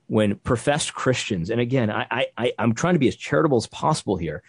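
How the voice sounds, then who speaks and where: A man's voice: mid-range voice, big pitch swings, moderate pace, a little mellow, husky, no room sound. A young man co-hosting a podcast, talking in a heated, emphatic way and often restarting his sentences as he gets worked up. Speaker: podcast co-host. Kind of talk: heated conversational commentary.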